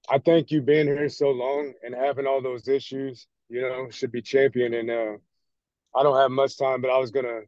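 A man's voice: medium pitch, darkish tone, no room sound, muffled recording. A man in a group call, joking and laid-back, asking a question.

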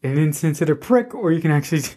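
A man's voice: on the high side, lively intonation, fast talker, mellow. A man hosting a podcast, asking loose, rambling questions in a casual way. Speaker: podcast host. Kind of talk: casual interviewing.

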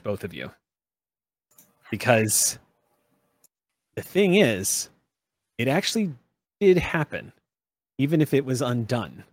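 A man narrating a tabletop role-playing game as game master, measured and explaining the scene and rules. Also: medium pitch, darkish tone, no room sound.

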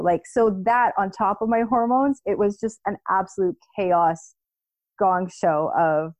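A woman in her thirties telling a personal story in casual chat, animated, acting out what people said. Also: mid-range voice, a little slow, no room sound. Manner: animated storytelling, acts out quoted voices, laughs. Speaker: podcast co-host.

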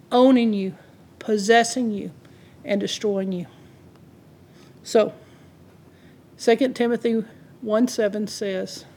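A woman preaching a sermon, driving points home in lists and quick asides. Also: a little high, a little mellow, breathy edge.

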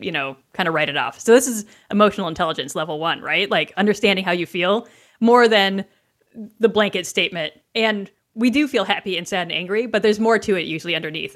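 A woman on a podcast talks fast in casual conversation. She explains her ideas and keeps asking rhetorical questions. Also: medium pitch, fairly bright tone. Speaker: podcast guest, leadership educator.

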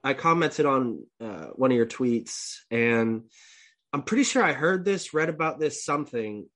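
A young man co-hosting a podcast chats casually in a mid-range, fairly bright voice, animated but measured in pace. He's congested and coughing, clears his throat often, and is blunt and profane, swearing freely.

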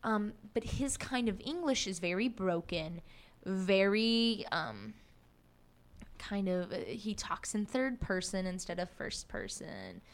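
Animated young woman with a lively voice. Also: medium pitch, slow. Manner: animated, many fillers and restarts. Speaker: podcast co-host. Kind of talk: casual book discussion.

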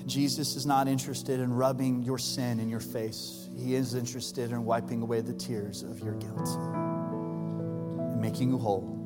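Pastor, man, mid-range voice, earnest preaching with loud emphatic peaks, long hall reverb. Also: mid-range voice, steady tone, measured pace. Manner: earnest preaching, builds to loud emphatic peaks, drops soft for tender lines. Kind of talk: Easter sermon. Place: large church hall. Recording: live church hall with long reverb and soft music.

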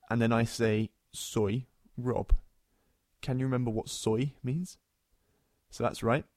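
A man co-hosting a language podcast, patiently explaining Spanish phrases and repeating them slowly. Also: fairly low pitch, a little mellow, no echo, clean studio sound.

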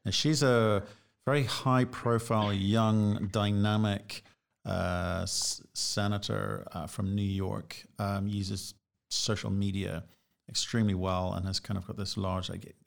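A male host with a lowish, gravelly voice leads a relaxed conversational interview. He talks in a chatty way, corrects himself mid-sentence, and fills pauses with ums. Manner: chatty, self-correcting, many fillers.

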